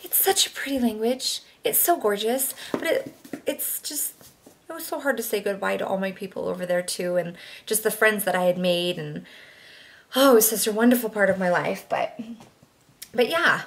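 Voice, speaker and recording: A woman's voice: medium pitch, moderate pace, slight background noise. A young woman chatting casually to camera, rambling with lots of fillers and restarts. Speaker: vlogger.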